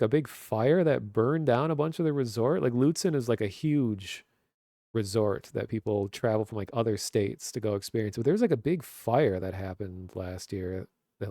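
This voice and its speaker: A man's voice: mid-range voice, mellow, dry recording, studio quality. A man in his thirties with a Minnesotan accent, chatting casually on a webcam stream and rambling with lots of fillers. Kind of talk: casual chat. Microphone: webcam stream mic.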